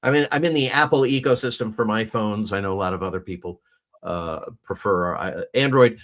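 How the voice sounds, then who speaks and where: A man's voice: on the low side, a little fast, a bit bright. A man co-hosting a casual chat, talking in a loose, rambling way with many restarts and fillers, over a video call. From United States. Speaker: podcast co-host.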